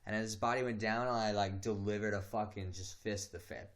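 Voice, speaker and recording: Profane, animated young man telling stories. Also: lowish voice, fairly quick. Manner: profane, animated, acts out quotes. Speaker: streamer. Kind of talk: casual storytelling. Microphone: home streaming mic.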